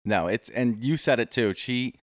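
A man's voice: mid-range voice, normal speed, no room sound, studio quality. A man co-hosting a casual reality TV recap podcast, ranting bluntly with plenty of swearing. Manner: blunt, profane, opinionated rants. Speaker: podcast co-host.

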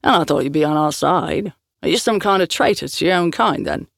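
In this audiobook, a burly tattooed street thug , as the narrator puts him on, speaks in an aggressive, sneering way. The voice stays dry and close, with no room around it. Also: male voice, on the high side, a little fast, creaky, fairly bright tone, dry recording.

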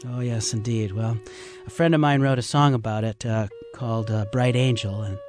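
A man's voice: medium pitch, steady tone, normal speed, a little mellow, faint music behind. A man who guides river rafting trips, telling heartfelt, reflective stories as a radio interview guest. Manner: heartfelt, reflective storytelling with fillers.

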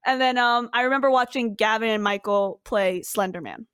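A young woman talking casually on a podcast, playful and quick to laugh. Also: fairly high pitch, fairly bright tone, clean tone, dry recording, studio quality. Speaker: podcast regular.

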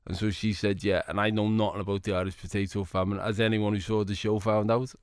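A man, a comedian telling jokey, animated stories as an interview guest. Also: lowish voice, fast talker, a little hiss or hum. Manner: jokey, animated anecdotes with acted-out quotes. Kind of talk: casual storytelling interview.

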